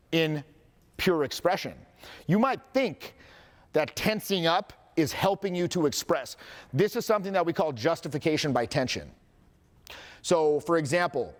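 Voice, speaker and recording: A man's voice: fairly high pitch, big-room sound. A man coaching a live audience on confidence, candid and profane, with joking asides and acted-out quotes.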